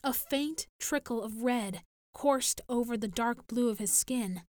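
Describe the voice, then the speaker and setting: A woman reading a science fiction story aloud in a measured storytelling manner. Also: on the high side, no room sound. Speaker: narrator. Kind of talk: audiobook reading.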